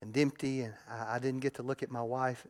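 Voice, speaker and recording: A middle-aged man, preaching a sermon and telling a raw, emotional personal story that swings between loud and hushed. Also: medium pitch, fairly even intonation, fairly quick. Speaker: pastor.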